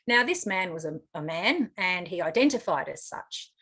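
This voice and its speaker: A woman's voice: fairly low pitch, animated, normal speed, a bit bright, breathy edge. Frank, chatty Australian woman. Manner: chatty, frank, with frequent fillers. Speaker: interview guest. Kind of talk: casual storytelling interview.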